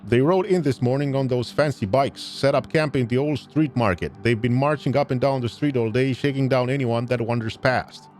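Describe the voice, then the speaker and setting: A man's voice: mid-range voice, normal speed, hardly any pauses, a little mellow, lightly acted. A man voicing a tough, streetwise woman who speaks bluntly and dismissively, in his own voice.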